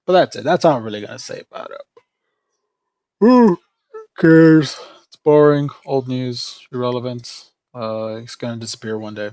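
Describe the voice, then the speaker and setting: A man chats casually on his livestream, wandering from thought to thought and restarting often. His voice sits at an ordinary middle pitch, close and dry with no room sound around it. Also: moderate pace, a little mellow, dry recording. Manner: rambling, with frequent restarts and fillers. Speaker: livestream host.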